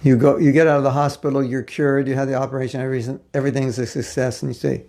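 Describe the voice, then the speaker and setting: A man's voice: mid-range voice, flat delivery, racing, a little mellow. A man giving a spiritual lecture class in a conversational way, asking rhetorical questions and acting out quotes. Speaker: spiritual teacher.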